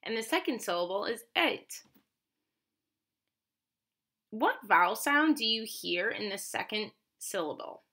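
A woman leads a children's phonics lesson at an unhurried pace, sounding out each word with care. Her voice is bright and clear, with a patient, encouraging teacher's delivery. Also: medium pitch, expressive. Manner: slow, clearly enunciated, encouraging teacher talk.

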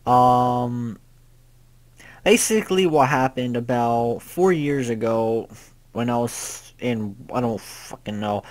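A young man giving casual gameplay commentary, rambling and swearing, often panicking out loud. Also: medium pitch. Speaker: gaming youtuber.

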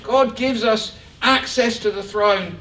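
A man preaching a lively, joking sermon to his church congregation. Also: high-pitched, takes it slowly, a little hiss or hum. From England. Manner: animated, joking, rising excitement. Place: church hall. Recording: echoey church hall from far off.

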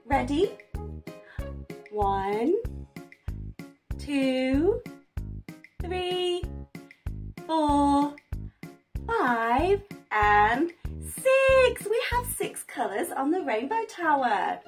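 A woman with a very high, bouncing voice leads toddlers through sounds and words at an unhurried, drawn-out pace. She speaks slowly and sing-song, with big gasps, and quiet music plays underneath. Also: big pitch swings. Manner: slow, sing-song, with exaggerated gasps and praise. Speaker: toddler teacher. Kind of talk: children's learning video.

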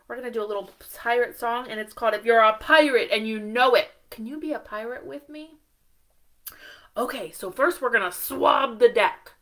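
A woman leading a live storytime for young children, slow and sing-song, encouraging them and asking them questions. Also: mid-range voice, a bit bright. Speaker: children's librarian. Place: library storytime, streamed live.

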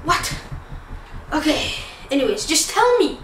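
A woman's voice: sits high, big pitch swings, a little slow, fairly bright tone, slight background noise, heavily acted. Juliet, a girl playing an impatient lovestruck teen. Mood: pleading. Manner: pleading, impatient. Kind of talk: parody scene acting. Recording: echoey room, far from mic.

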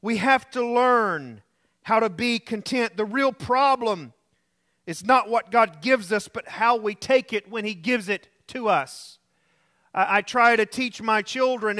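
A man's voice: high voice, measured pace, sharp tone. A male pastor preaching alone in a room, earnest and repetitive, telling anecdotes. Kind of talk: sermon.

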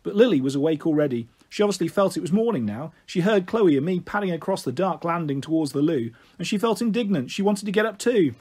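A man reading a children's novel aloud in an expressive, animated way. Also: on the high side, fast talker, few pauses, husky. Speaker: storyteller.

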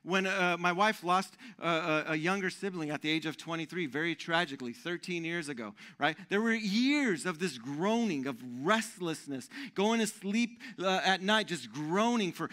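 A man in his thirties preaching a sermon as pastor, conversational and animated, often checking in with the room. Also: sits high, normal speed, few pauses.

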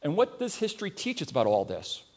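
A man's voice: high-pitched, wildly swooping pitch, fast talker. A middle-aged man preaching a sermon, earnest, telling a story and putting questions to the congregation.

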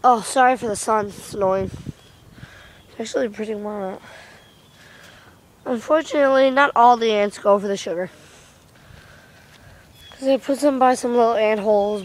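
In a mid-range voice, a young female vlogger chats to the camera, laughing a lot and cursing casually. The footage starts inside and then shifts to a windy yard outdoors.

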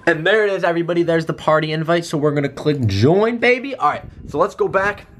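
A man's voice: a little high, fast. Hyped young man vlogging a game prank. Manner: hyped, breathless, calls viewers guys and baby. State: out of breath. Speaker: gaming YouTuber. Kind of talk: excited gaming vlog.

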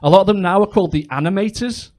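Man, stand-up comedian, high-pitched voice, chatty, crude, lots of fillers. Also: very fast, a little mellow.

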